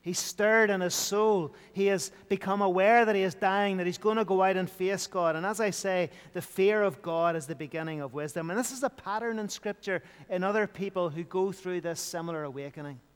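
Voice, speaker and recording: A man's voice: high-pitched, brisk, hardly any pauses, smooth, big-room sound. A man preaching an evening sermon in an earnest, repetitive style, building emphasis as he goes.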